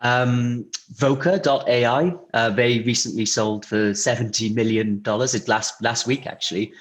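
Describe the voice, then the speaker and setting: A man talking casually as an interview guest, relaxed and chatty, with many fillers and restarts. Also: medium pitch, normal speed. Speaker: guest, insurance technology vendor.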